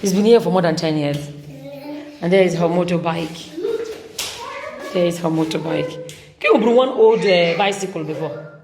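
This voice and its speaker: A woman's voice: lowish voice, moderate pace, pauses often, crowd noise. Chatty Nigerian woman touring a house. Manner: chatty, switches between Igbo and English, exclaims often. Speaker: vlogger. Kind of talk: casual on-camera house tour. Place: inside a village house.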